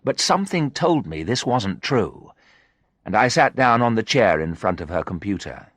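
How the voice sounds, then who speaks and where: Expressive low-voiced male narrator. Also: normal speed, dry recording, clean studio sound. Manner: expressive, first-person storytelling. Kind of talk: scripted narration of a graded reader.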